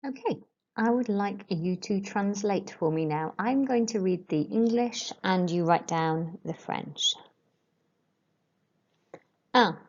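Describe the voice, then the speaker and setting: A woman French teacher giving a recorded lesson, dictating sentences slowly and clearly and repeating each prompt. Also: mid-range voice, a little mellow, lo-fi sound.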